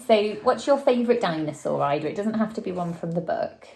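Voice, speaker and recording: A woman, a teacher, reading a picture book aloud to a child, shouting out the dinosaurs' lines and chatting about the pictures. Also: on the low side, brisk, gravelly. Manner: lively, acts out the dinosaurs' shouts and chats with the child. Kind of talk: storybook read-aloud.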